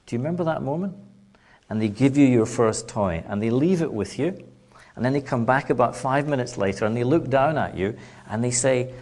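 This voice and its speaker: A man's voice: mid-range voice, lively intonation, a little fast, a little mellow. Playful middle-aged man giving a lecture. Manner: playful storytelling, acts out child and adult voices, laughs often. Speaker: speaker giving a public talk. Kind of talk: spiritual lecture to a live audience. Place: lecture hall.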